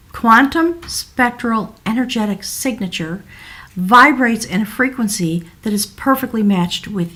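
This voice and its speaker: A middle-aged woman giving a spiritual tarot reading, effusive and wandering, sometimes dropping into a soft whisper. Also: a little high. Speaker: tarot reader.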